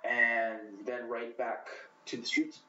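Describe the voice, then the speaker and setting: A man's voice: mid-range voice, little pitch movement, slow, very noisy. Blunt, profane man recounting his past. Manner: blunt, profane, rambling with fillers. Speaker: interview guest. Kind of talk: candid personal storytelling. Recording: rough, quiet, muffled, echoey, from far off.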